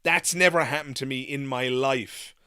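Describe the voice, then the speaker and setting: Irish male streamer, young adult, bright and forceful, dry room, rambling exasperated chat. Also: medium pitch, moderate pace, clean tone, no echo. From Ireland. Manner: rambling, exasperated rants with swearing and laughs. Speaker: livestream host. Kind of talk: live Q&A chat with viewers.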